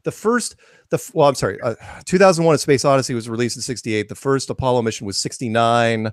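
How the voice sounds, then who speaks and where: A man's voice: mid-range voice, fast talker, dry recording, studio quality. A man being interviewed as a guest, talking enthusiastically in an impassioned rant, repeating and restarting phrases. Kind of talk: podcast interview.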